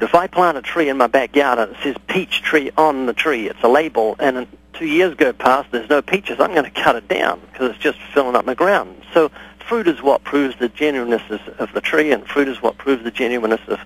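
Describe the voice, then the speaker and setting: Gravelly, husky-voiced male radio guest. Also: medium pitch, fairly bright tone, low-quality recording. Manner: storytelling, acts out both sides of conversations. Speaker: guest evangelist. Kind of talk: radio interview answers. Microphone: studio or phone radio interview.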